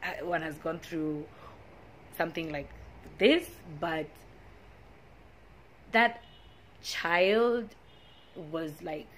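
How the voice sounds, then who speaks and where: A woman's voice: low-pitched, expressive, drawn-out words, long pauses, a bit bright, slight background noise. A young woman vlogger telling a personal story in a casual, emotional way, with many restarts and sudden bursts of feeling. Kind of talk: storytime vlog.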